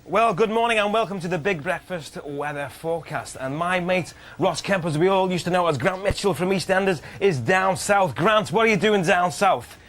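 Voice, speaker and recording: A man's voice: high-pitched, moderate pace, hardly any pauses, fairly bright tone. A man giving a jokey weather report as a contest entry on live TV. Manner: jokey, playful. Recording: live TV studio with audience noise.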